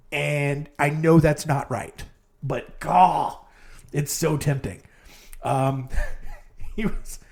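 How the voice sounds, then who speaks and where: Animated, rambling comedy podcast host man. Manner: rambling, self-mocking, with sudden jumps in pitch. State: sleepy. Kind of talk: comedic true-crime monologue.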